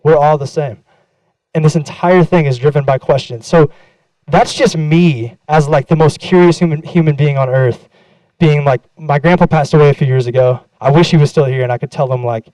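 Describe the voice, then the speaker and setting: On a conference stage, a young speaker with a slightly high, warm voice talks fairly quickly, with no room sound and rough audio quality. His talk is casual and frank, full of profanity and self-deprecation, and he performs the quoted back-and-forths from his stories.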